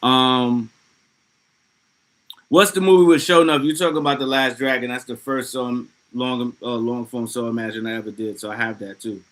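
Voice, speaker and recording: A man hosting a casual livestream, talking loosely and excitably with plenty of profanity as he reads out chat messages. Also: mid-range voice, moderate pace, rough recording. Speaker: livestream host.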